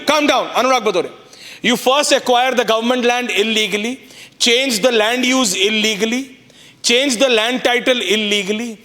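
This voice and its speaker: A man with an Indian English accent anchoring a news debate, talking forcefully and insistently and hammering the same questions. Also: very high voice. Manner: forceful, insistent, repeats commands. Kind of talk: heated debate moderation.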